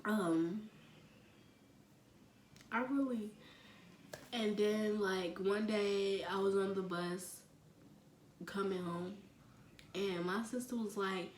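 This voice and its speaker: A young woman from the telling a personal story in a halting way, full of fillers, often sinking almost to a whisper. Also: medium pitch, far from the mic. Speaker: vlogger. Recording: echoey room with faint ambient noise.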